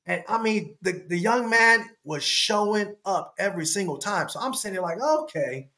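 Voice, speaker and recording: A man talking as a podcast guest in a casual storytelling style. He is animated and laughs often, swinging his pitch up when he acts out quotes. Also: moderate pace.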